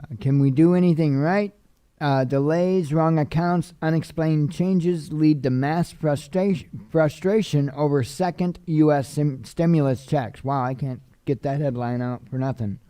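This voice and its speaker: Male news-commentary host, weary and casual, warm dark tone, dry close recording. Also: on the high side, unhurried, smooth, no echo. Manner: tired, yawning, offhand asides. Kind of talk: reading headlines with casual commentary.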